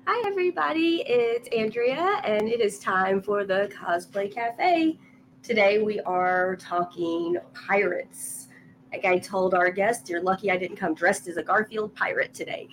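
A woman's voice: mid-range voice, lively intonation, measured pace, slight background noise, rough recording. A woman hosting a casual chat show, upbeat and gushing about her guest. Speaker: host.

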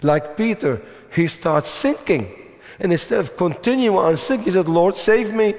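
A man preaching a sermon at a camp meeting, slow and emphatic, putting rhetorical questions to the congregation. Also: high-pitched, sing-song. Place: large meeting hall. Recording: long hall reverb.

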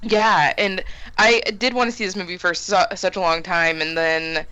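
A woman's voice: fairly low pitch, steady tone, moderate pace, highs cut off, a crowd in the background. A woman chatting frankly on a podcast in a casual, talkative way. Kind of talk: casual chat.

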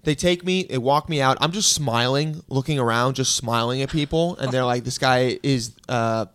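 A man's voice: normal speed, clean tone. Laid-back man telling a story. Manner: laid-back, deadpan, quoting others in a flat low voice. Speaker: podcast guest telling a story. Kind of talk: casual storytelling chat.

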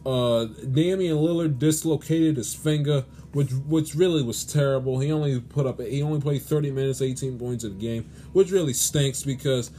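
A man's voice: medium pitch, moderate pace, few pauses, dark tone, a little hiss or hum. Exasperated man pleading in a sports rant. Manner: exasperated, pleading, many restarts and stammers. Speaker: sports podcast host. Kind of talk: solo sports commentary rant.

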